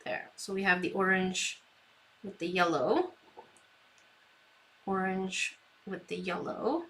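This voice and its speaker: Bright, slow-talking woman crafting live. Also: medium pitch, slight background noise. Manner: chatty, talks to herself, giggles often; reads viewer comments aloud. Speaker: craft stream host. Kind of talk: live painting tutorial chat.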